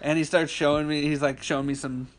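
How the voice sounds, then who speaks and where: A young adult man co-hosting a casual chat, telling a crude, animated story and acting out the voices of people in it. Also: a little high, fast talker, a little hiss or hum. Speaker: podcast co-host.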